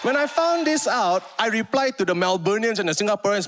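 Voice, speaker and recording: A man in his thirties with a Malaysian English accent, performing stand-up comedy on stage, animated and mimicking voices. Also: sits high, fast, hardly any pauses, a faint crowd. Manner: animated, mimics voices, sings snatches of rhymes. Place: on stage before a live audience.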